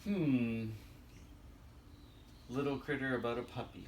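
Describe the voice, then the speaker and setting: A man's voice: medium pitch, very animated, slow, fairly bright tone, recorded from a distance, slight background noise. A man reading a children's joke book aloud, chuckling at his own jokes.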